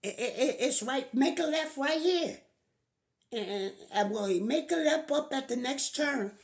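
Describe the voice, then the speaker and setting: A woman's voice: high-pitched, expressive, unhurried, pitched above the performer's own voice. A woman doing a sly, eager little boy. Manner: eager, persuasive.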